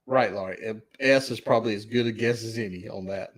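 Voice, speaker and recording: A man's voice: fairly low pitch, fairly quick. A man with a Southern US accent hosting trivia in casual live-stream chat, chuckling as he reads out questions. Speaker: trivia host.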